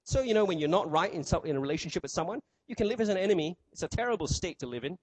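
A man preaching a sermon, animated and full of rhetorical questions, acting out quoted voices. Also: sits high, very fast, slightly rough. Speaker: pastor.

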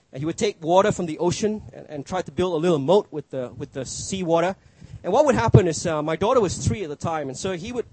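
A man's voice: high voice, darkish tone, rough recording. A middle-aged male pastor preaching a sermon, emphatic, his voice rising and dropping for effect.

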